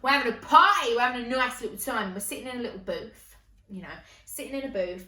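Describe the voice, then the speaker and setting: A woman's voice: on the high side, quick pace, a bit bright, a little hiss or hum. A young woman with an Essex accent telling a rambling, sweary comic story alone in her bedroom. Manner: chatty, rambling, swears freely. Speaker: comedic storyteller. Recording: echoey room, mic at a distance.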